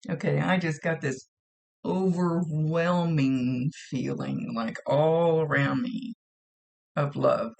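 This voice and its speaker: A woman psychic medium giving a gentle, reassuring spoken reading to a viewer, often repeating herself. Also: sits low, fairly even intonation, slow pace, vocal fry.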